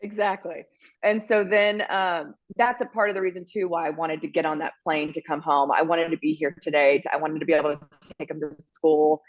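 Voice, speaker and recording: A woman's voice: deep voice, fairly even intonation, fairly quick, dry recording, dull audio. A woman co-hosting a podcast, telling stories in an emotional, chatty way. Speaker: podcast co-host. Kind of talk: casual chat.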